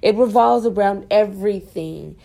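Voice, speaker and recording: A woman's voice: mid-range voice, moderate pace, gravelly, warm tone. A woman student venting in a casual, rambling monologue for her podcast, frustrated and full of fillers.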